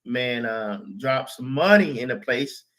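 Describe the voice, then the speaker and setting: A man's voice: mid-range voice, lively intonation, unhurried, a bit bright. A man hosting a casual interview show, chatting and reading out viewer questions. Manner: conversational, reads viewer questions. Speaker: show host.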